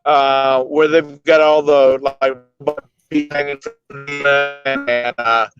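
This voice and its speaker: Casual male co-host on a video call, smooth voice, rambling stories, muffled lo-fi line. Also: mid-range voice, flat delivery, a bit bright, soft background music. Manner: easygoing storyteller, rambles with "uh" pauses. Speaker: co-host of a daily live show. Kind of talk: casual chat. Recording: dull lo-fi video call audio.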